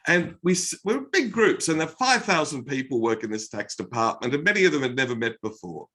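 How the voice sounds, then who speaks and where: A man's voice: medium pitch, brisk. An Australian man giving a motivational keynote talk, telling stories with energy. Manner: energetic anecdotal storytelling. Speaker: keynote speaker.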